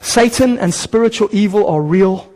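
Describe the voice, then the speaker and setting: A male pastor delivering a sermon in a high, lively voice. He preaches animated and direct, slipping into short acted-out voices to make his points. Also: moderate pace, long reverb tail, poor audio. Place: church hall.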